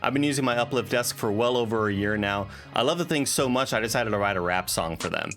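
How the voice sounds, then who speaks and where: A man's voice: mid-range voice, fast talker, over music. A man reading a sponsor ad on a podcast in a jokey, offhand way. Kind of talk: casual sponsor read and chat.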